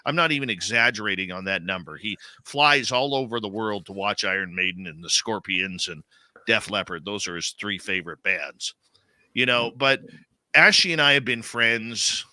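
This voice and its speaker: A Canadian man hosting live radio, his voice very bright and forward. He rambles in a loose, conversational way with plenty of fillers and restarts. The sound is dry and close, with almost no room echo. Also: fairly low pitch. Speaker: radio host.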